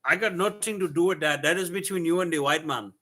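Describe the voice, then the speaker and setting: Sex: man, voiced by a man. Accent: Indian. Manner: dismissive, formal, pitched higher than the speaker's own voice. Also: quick pace, sharp tone, slight background noise.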